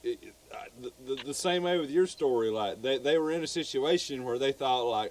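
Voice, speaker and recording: A man's voice: mid-range voice, fairly quick, few pauses, slight background noise. A Southern man co-hosting a podcast, telling a true crime story in a loose, rambling way. He stumbles over repeated words and swears freely.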